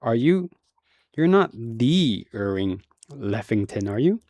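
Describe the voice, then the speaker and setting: A man's voice: mid-range voice, normal speed, a little mellow, no echo, natural voice. A man voicing a jittery, star-struck pudgy deputy. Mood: surprised. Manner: eager, trembling, deferential.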